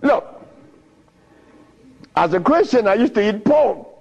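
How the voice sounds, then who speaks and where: A man telling stories in an animated talk, chuckling often and speaking with preacher-like emphasis. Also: high voice, takes it slowly, vocal fry, husky, long reverb tail. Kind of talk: animated storytelling lecture. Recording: dull lo-fi recording.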